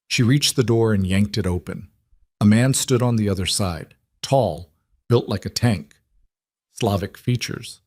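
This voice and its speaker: Brief: male storyteller, low voice, dry close-miked sound, even scripted narration. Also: no echo.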